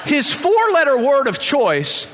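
A middle-aged man giving a personal testimony in an animated, comic storytelling manner. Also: extremely high pitch, slow, crowd noise, noisy background. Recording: reverberant hall.

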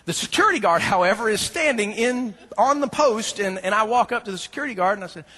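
A man's voice: sits high, quick pace. A man preaching a sermon, telling a funny personal story with lots of laughter and acted-out dialogue before turning to scripture. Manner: animated storyteller, laughing often, acting out dialogue. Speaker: pastor.

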